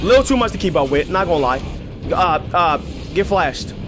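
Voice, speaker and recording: A young man commentating his own gameplay, excitable and profane, trash-talking enemies and shouting at the screen. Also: fairly high pitch, moderate pace. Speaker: gaming channel host. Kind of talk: let's play commentary. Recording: game music clearly behind the voice.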